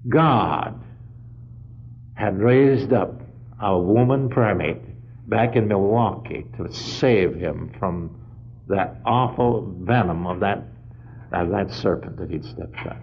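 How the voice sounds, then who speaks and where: A man preaching a storytelling sermon, retelling a story full of "he said" and swelling to loud, emphatic peaks. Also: fairly low pitch, slow. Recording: dull lo-fi sermon recording.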